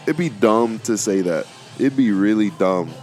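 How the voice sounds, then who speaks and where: Easygoing young man with a low voice. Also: expressive, measured pace, darkish tone, soft background music. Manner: rambling, repeats words often, informal slang. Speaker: podcast host. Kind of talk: casual faith-based monologue.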